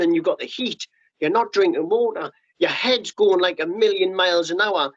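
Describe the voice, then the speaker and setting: Man, middle-aged, slightly high, blunt and sweary storyteller, muffled podcast sound. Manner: blunt and sweary, rapid restarts, acts out quoted voices. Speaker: podcast guest, former paratrooper. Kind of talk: candid storytelling interview.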